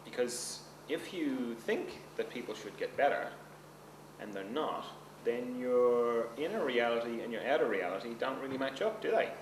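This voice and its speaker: A man's voice: mid-range voice, expressive, moderate pace. A man teaching a seminar class, talking in a loose conversational way and checking in with his listeners often. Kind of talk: seminar lecture. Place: seminar room. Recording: roomy, distant mic with background noise.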